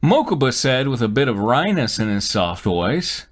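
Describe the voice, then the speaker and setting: A man's voice: medium pitch, moderate pace. A man hosting a live stream, reading fanfiction aloud with jokes and frequent laughter. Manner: joking, laughs often, lively reading.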